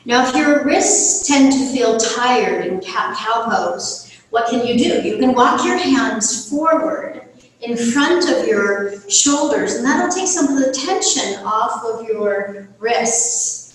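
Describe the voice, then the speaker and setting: A woman leads a gentle yoga session, talking very slowly and calmly as she guides each breath and pose. Her voice sits a little high. The sound is distant and roomy, with a long echo trailing off her words. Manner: slow, calm, soothing cues. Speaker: yoga teacher. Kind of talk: guided yoga class instruction. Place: home studio on a live video call. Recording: roomy echo from far off the mic.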